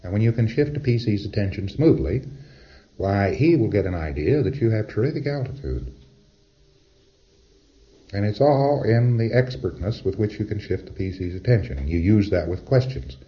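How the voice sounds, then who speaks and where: Male lecturer, very low voice, wry and conversational, muffled lo-fi tape. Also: expressive, moderate pace. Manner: conversational, wry, acts out exchanges. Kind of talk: recorded lecture to trainees.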